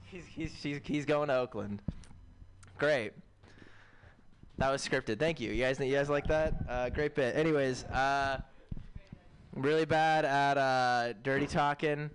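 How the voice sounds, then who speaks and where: Deadpan man doing stand-up. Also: medium pitch, measured pace, long pauses, slight background noise. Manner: deadpan one-liners, rambling asides. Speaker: stand-up comic. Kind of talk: open-mic stand-up set. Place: comedy stage with PA mics.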